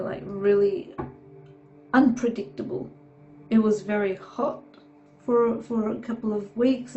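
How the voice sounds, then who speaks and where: A woman's voice: mid-range voice, rough recording. A woman with a nasal, stuffed-up voice from a cold gives a rambling tarot reading, often checking in with "okay". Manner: meandering, reassuring, frequent "okay". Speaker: tarot reader. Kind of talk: casual tarot reading to camera.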